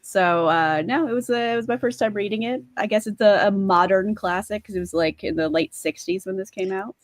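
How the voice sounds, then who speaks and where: A woman's voice: mid-range voice, brisk, no echo. A woman in a casual book club call over video, speaking in a candid, self-deprecating way.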